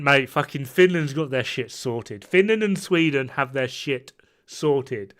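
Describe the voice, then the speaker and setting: His intonation is lively and his pace unhurried, with a medium pitch and a fairly bright tone. He's a young half-Norwegian streamer reacting to chat while gaming, rambling casually, cursing frequently and restarting his sentences.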